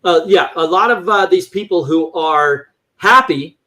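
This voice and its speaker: A man's voice: high-pitched, a little slow, pushed and bright. A man talking in a casual livestream chat, ranting animatedly and acting out voices as he tells a story. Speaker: livestream co-host.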